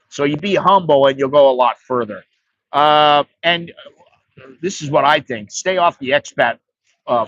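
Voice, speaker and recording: A man's voice: medium pitch, a bit bright, no echo, highs cut off. An American man giving blunt, profane, rambling advice on a casual livestream. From United States. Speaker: vlogger.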